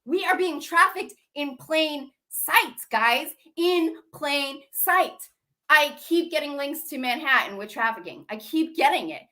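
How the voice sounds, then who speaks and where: This channel host, a young adult woman, rants at her audience in a heated, repetitive monologue to camera, full of swearing and rhetorical questions. She sounds high-pitched, animated and sharp, keeping a measured pace.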